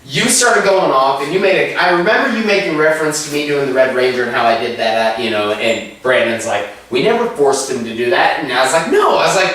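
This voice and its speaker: A young man casually telling a story as a podcast co-host, animated and laughing often as he acts out quotes. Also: mid-range voice, fast talker, hardly any pauses. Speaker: podcast co-host recounting wrestling events. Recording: very echoey room, distant mic, faint hiss.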